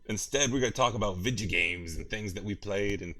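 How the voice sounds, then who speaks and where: Low-voiced rambling podcast host. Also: male voice, brisk, pushed and bright, a little hiss or hum. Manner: rambling, laughs often, many restarts. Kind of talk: casual gaming podcast chat.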